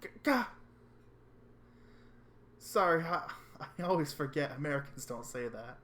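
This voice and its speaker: A man's voice: fairly high pitch, lively intonation, measured pace, a bit bright, voice pushed up. A man doing a friendly easygoing student guy. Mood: flustered.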